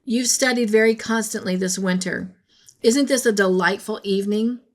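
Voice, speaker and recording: A woman reading the lines of a dreamy, emotional young woman in a storybook, halting and stammering. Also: medium pitch, lightly acted.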